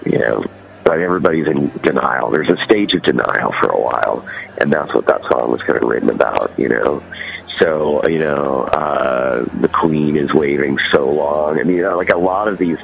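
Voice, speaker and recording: Deep gravelly Californian man. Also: moderate pace, dull audio. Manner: rambling, full of "you know" and "like". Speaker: guest musician. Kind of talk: casual interview chat.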